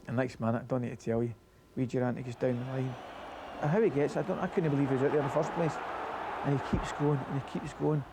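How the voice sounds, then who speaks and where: A man's voice: medium pitch, brisk, noisy background. A Scottish man, a former footballer, telling anecdotes in an interview and acting out the voices of the people he quotes. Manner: chuckling storyteller, acts out quoted voices.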